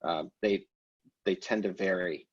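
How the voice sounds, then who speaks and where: A man teaching a language class over a video call, explaining grammar in a relaxed way with many fillers and restarts. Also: sits low, unhurried, breathy edge, lo-fi sound. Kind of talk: online class lecture.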